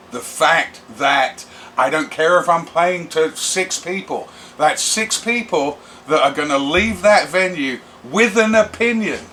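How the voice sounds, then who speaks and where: A middle-aged man, a rock musician telling stories in a brash, animated interview. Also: fairly high pitch, slight background noise. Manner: brash, animated, does voices for quoted people. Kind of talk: casual storytelling interview.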